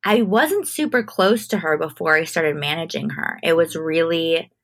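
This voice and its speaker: A young adult woman, a guest in an interview, telling her story in a relaxed, casual way with frequent "like". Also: sits low, moderate pace. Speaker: guest, entertainment manager.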